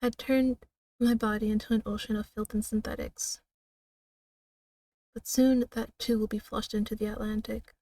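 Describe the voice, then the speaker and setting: Woman reading a game aloud dramatically, mellow tone. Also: fairly high pitch, flat delivery, far from the mic. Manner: slow, dramatic reading broken by laughs and asides. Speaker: streamer.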